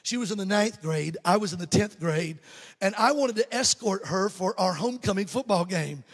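A Southern evangelist from Alabama, a man in his fifties, preaches a humorous story in a church sanctuary, joking with his congregation. His high, animated voice moves at a normal speed, and the sound carries the ring of a big room.

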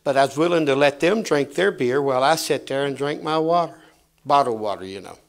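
A man preaching a fiery sermon in a church, swinging between loud shouts and quiet asides. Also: medium pitch, expressive, a little fast, creaky. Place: church sanctuary.

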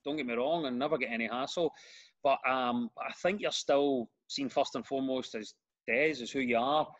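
A middle-aged Glaswegian man, a comedian and radio host, chatting as a podcast guest and telling animated stories with lots of restarts. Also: mid-range voice, normal speed, lo-fi sound. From Scotland. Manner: animated storyteller, repeats words when starting sentences. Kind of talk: casual interview chat.

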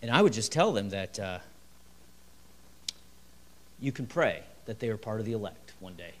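A man's voice: fairly low pitch, normal speed. A middle-aged male pastor preaching a midweek sermon in a church, telling stories with acted-out quotes and chuckles. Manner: lively, storytelling delivery with chuckles and acted quotes. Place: church sanctuary.

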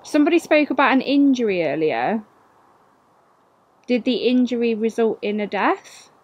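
A woman's voice: a little high, animated, normal speed, muffled recording. Chatty woman calling out questions. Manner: chatty, questions spirits directly. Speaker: paranormal investigator. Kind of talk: casual on-location chat.

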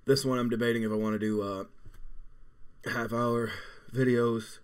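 A man's voice: mid-range voice, flat delivery, normal speed, clear, resonant tone. A man in his twenties chatting casually as a vlog host while suffering through a hot pepper. He is teary and burning, groaning, swearing and breaking off mid-sentence. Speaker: gaming channel host.

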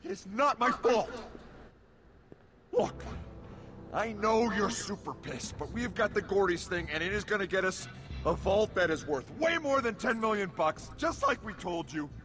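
A whiny, arrogant schemer. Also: male voice, high-pitched, lively intonation, a little slow. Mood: pleading. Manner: pleading and indignant.

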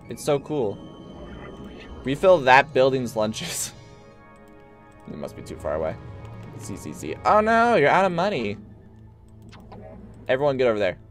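Animated, bossy young-sounding gamer man. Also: mid-range voice. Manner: playful, bossy, barking orders at units; giggly and excitable, mock-belligerent. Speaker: streamer. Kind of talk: live gameplay commentary.

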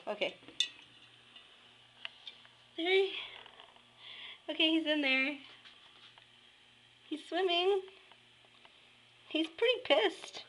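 A woman vlogging casually at home, excitable, prone to squeals and nervous giggles. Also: very high-pitched, drawn-out words, pauses often, slight background noise, poor audio. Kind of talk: casual vlog narration.

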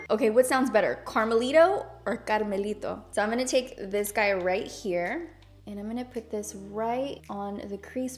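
A woman's voice: medium pitch, darkish tone. An enthusiastic young woman with no accent, chatting casually as she demonstrates a makeup look to her viewers. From Hispanic background, speaks without Spanish accent. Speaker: beauty YouTuber. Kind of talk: makeup tutorial talk.

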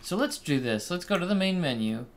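A man's voice: high voice, very animated, fairly quick. A man casually commenting on a game he's playing with friends, laid-back and swearing when startled. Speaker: let's play host.

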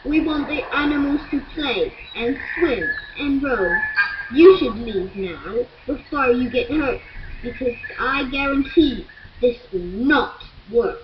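A woman's voice: high-pitched, animated, takes it slowly, highs cut off, noisy background. A woman voicing a stern male forest guardian spirit in a storybook tale, speaking solemnly and pleading.

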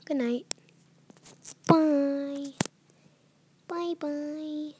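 A woman's voice: sits high, fairly even intonation, drawn-out words, darkish tone, a little hiss or hum. A young woman commentating a horror game as she plays, nervous and often dropping to a whisper. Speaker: let's play gamer.

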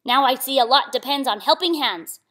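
A woman voicing a big, bossy male dump truck in a children's storybook, speaking loudly and blusteringly. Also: sits high, normal speed. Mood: grateful. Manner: loud and blustery.

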